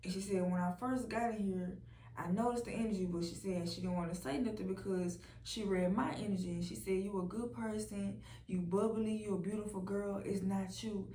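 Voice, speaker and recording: Young woman with telling viewers a story, kinda far from the mic in a roomy space with faint hiss. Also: fairly quick. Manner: animated, quotes others in a low voice, profane. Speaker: vlogger. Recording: roomy and distant from the mic, faint background noise.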